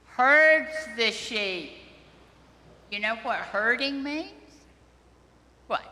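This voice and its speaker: Lady priest doing a kids sermon, slow n gentle, long church echo. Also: fairly high pitch, lively intonation. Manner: slow, gentle, questioning children directly. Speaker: priest giving a children's homily. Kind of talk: children's sermon. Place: church sanctuary.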